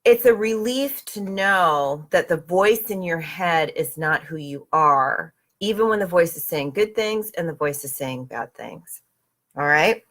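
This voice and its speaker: A woman from Southern California hosting a casual book club reading and guided meditation. She speaks in a conversational, upbeat way and keeps checking in with her listeners. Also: on the low side. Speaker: host.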